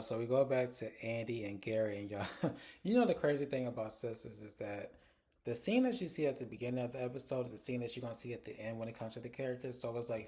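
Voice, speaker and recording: A man with a mid-range voice reviews a TV episode in an animated, frank way, talking straight to his viewers. When he quotes the characters, his pitch jumps up to mimic the women. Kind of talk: casual episode recap.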